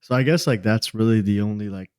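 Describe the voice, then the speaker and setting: A young man chatting on a podcast in a halting, easygoing way, full of pauses and fillers. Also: on the low side, darkish tone, smooth, no room sound, clean studio sound. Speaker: podcast co-host. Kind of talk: casual podcast chat.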